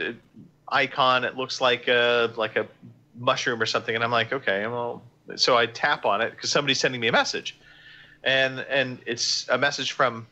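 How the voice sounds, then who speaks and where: A man's voice: mid-range voice, muffled recording. A man hosting a podcast in casual chat, telling stories animatedly and acting out the quoted lines. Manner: animated storyteller who acts out quoted lines. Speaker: podcast host.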